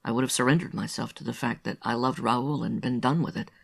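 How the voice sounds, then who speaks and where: Gravelly male audiobook narrator. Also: medium pitch, steady tone, a bit bright. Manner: measured, confessional storytelling.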